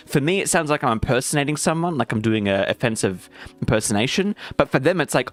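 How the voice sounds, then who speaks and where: A man's voice: medium pitch, expressive, a little fast, fairly bright tone, no echo. A man with an Australian accent, a game developer chatting casually and jokingly with viewers on a live stream. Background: faint music playing.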